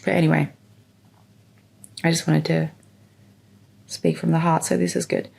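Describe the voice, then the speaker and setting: Young woman, low gravelly voice, candid rambling storytelling, lots of fillers. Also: flat delivery, unhurried, a little mellow. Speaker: podcast host. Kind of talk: personal storytelling monologue.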